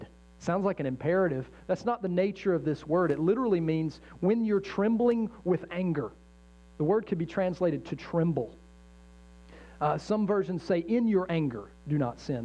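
A man's voice: high-pitched, dark tone. A young adult man preaching a sermon as a pastor, talking in a conversational, emphatic way and often restarting his sentences. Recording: dull lo-fi sound with faint mains hum.

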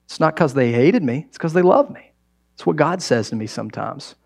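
A pastor preaches a sermon to his church conversationally, swinging between loud exclamations and quiet asides. His voice is a little high, expressive and fairly quick.

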